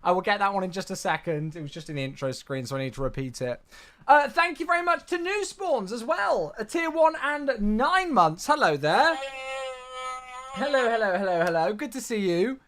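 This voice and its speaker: Male streamer, casual and chatty, pitch bouncing around a lot. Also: expressive, moderate pace. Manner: chatty, thanks viewers warmly by name, says "mate" a lot. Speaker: flight sim streamer. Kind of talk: casual live-stream chat.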